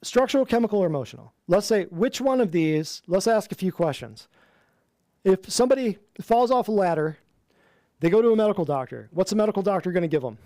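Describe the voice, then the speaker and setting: Male health teacher, fairly high voice, dry close sound, emphatic lecturer who keeps quizzing his class. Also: lively intonation, brisk, mellow, no echo. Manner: emphatic, repetitive, asks the class questions. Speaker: natural health instructor.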